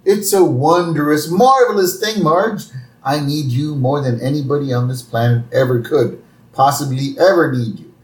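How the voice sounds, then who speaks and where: A man's voice: a little high, normal speed, voice pushed up, lightly acted. A man doing a whiny, pleading cartoon husband. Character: clueless, dependent cartoon husband. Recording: roomy, distant mic.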